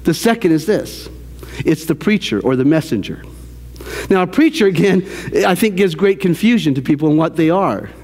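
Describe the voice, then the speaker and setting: High-voiced pastor preaching in a reverberant hall. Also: male voice, moderate pace. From American South. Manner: animated preaching with repeated phrases and restarts. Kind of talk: sermon. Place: church sanctuary.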